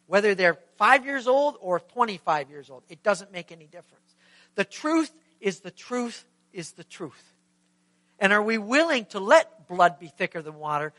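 A middle-aged male pastor delivering a sermon with a high, bright and ringing voice. He tells a story emphatically and keeps asking his listeners questions. The sound is dry and close, with no room around it. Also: no echo.

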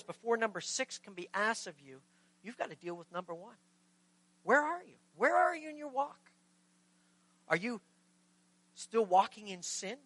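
Pastor mid-sermon, chatty with the crowd and acting out the stories; bright, forward tone, dry close recording. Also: mid-range voice, dry recording, rough recording. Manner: conversational, rhetorical questions to the congregation; acts out scripture dialogue in lively voices.

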